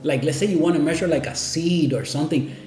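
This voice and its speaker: A man's voice: fairly high pitch, fast, a little mellow, roomy sound, natural voice. A man voicing a male Cheshire Cat in a told story, coaxing the others into a plan.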